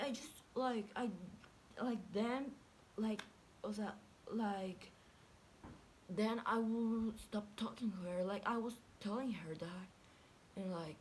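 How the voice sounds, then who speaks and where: A young woman tells a story in a loose, chatty way, swearing freely and filling every pause with "like." She acts out what people said as she goes. A faint hiss sits under her voice. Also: medium pitch, darkish tone. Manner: chatty and profane, packed with "like", acts out quotes. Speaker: vlogger. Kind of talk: casual storytelling.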